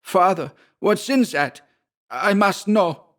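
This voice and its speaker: Storybook role: man playing a tense, anxious young son, higher and hushed. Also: big pitch swings, slow, vocal fry, exaggerated voice. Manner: anxious, low, nearly whispering.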